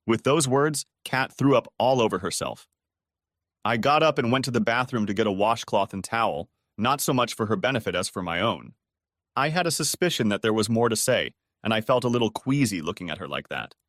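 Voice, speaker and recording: A man's voice: lowish voice, expressive, a little fast, a bit bright, no room sound, studio quality. A man narrating a first-person audiobook story in a cold, scornful tone.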